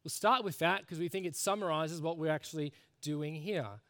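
A middle-aged man preaching a sermon in an earnest, conversational way, moving between soft, hushed lines and emphatic ones. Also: fairly high pitch, normal speed. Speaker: pastor.

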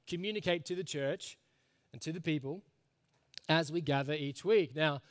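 A man in middle age preaches to his congregation, his voice sitting a touch higher than most men's. He talks in an earnest, conversational way, dropping low and quiet for solemn points and rising to emphatic bursts. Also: moderate pace. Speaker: pastor. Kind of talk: sermon.

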